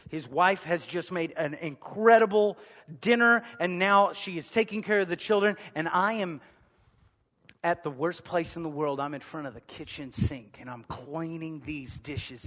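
A man preaching a sermon, swinging between hushed asides and loud, emphatic points. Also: a little high, big-room sound. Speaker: pastor.

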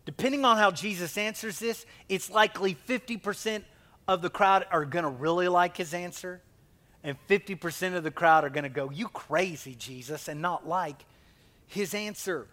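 High-voiced preacher. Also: male voice, normal speed, a bit bright. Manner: conversational preaching, questions to the congregation, acted-out quotes. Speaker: pastor. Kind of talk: sermon.

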